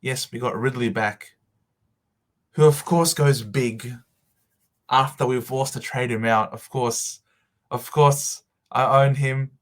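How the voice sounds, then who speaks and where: A man rants and gushes in a casual vlog, swinging into shouts and theatrical pauses. He speaks slowly, leaning on each word. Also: mid-range voice, fairly even intonation. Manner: over-the-top emotional, shouting and dramatic pauses. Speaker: fantasy football vlogger. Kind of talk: excited casual monologue.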